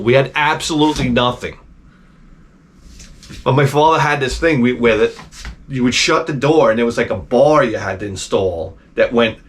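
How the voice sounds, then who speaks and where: A middle-aged man hosting his own channel, telling rambling, profane stories in a casual, digressive way. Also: mid-range voice. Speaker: channel host.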